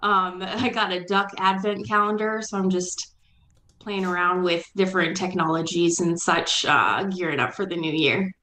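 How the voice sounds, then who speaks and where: A woman's voice: on the low side, moderate pace, sharp tone, a little hiss or hum. A woman chatting casually as a guest on a group call, light and chatty. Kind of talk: casual chat. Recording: roomy echoey audio.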